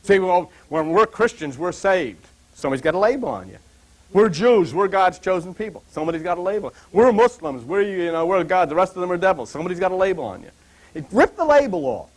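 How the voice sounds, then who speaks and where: An older man teaching from the Bible in a loose, rambling way and wandering into personal anecdotes. His voice sits high for a man and swings widely up and down as he tells stories. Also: fairly quick. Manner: animated, digressive storyteller.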